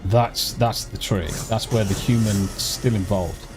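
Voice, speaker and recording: A man's voice: fairly low pitch, steady tone, measured pace. A man chatting casually over voice chat while gaming, emphatic and opinionated, swearing freely. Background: game music.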